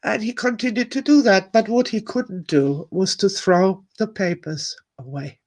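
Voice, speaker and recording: A woman's voice: mid-range voice, measured pace, darkish tone. Woman, summit speaker, heartfelt anecdote-teller who drifts into asides and swears now and then. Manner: emotional, candid, digressive, with sighs and laughs. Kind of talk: personal storytelling talk.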